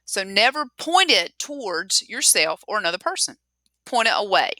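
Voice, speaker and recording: A woman chemistry teacher giving a lesson on lab safety, talking clearly and repeating the key rules for emphasis. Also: mid-range voice, big pitch swings, normal speed, sharp tone, no echo. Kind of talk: recorded classroom lesson.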